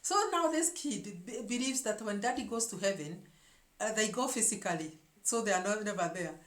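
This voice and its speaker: A woman's voice: mid-range voice, expressive, moderate pace. A woman hosting her own show, telling a story to her viewers in an emphatic way and often repeating words as she searches for the next one. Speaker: show host. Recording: echoey room.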